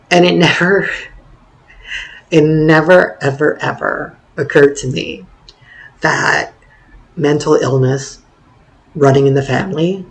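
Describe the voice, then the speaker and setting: A hoarse young man with a gravelly, creaky edge and a slightly higher pitch than most men tells a personal story. He drawls along very slowly, meandering and mocking himself with dry humor. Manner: meandering, self-deprecating, wry. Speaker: vlogger.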